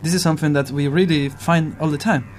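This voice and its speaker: Talking fast in a fairly high, steady voice, this musician chats casually and earnestly with slight background noise around him. He hunts for the right words and tosses out rhetorical questions as he reflects.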